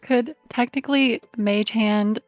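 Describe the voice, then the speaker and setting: A woman with a fairly high voice playing a tabletop game. She asks questions and plans her moves in an unsure, questioning way, and the sound is dry and close. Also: steady tone, slow, no echo, soft background music. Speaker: player. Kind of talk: casual tabletop talk.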